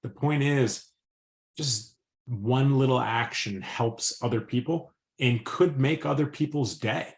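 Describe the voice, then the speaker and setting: A man's voice: medium pitch, slow pace. Man talking in a roomy space. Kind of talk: casual chat. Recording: roomy echo.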